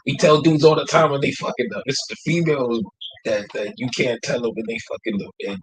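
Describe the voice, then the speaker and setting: A man co-hosting a casual podcast, talking in a loose, profane, animated way and acting out the people he quotes. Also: mid-range voice, fairly quick, slightly rough, low-quality recording. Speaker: podcast co-host.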